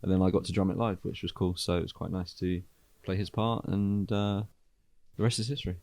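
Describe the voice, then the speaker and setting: Deep, mellow laid-back drummer. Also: male voice, little pitch movement, fairly quick, dry recording. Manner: laid-back, hesitant, many fillers. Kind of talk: casual interview chat.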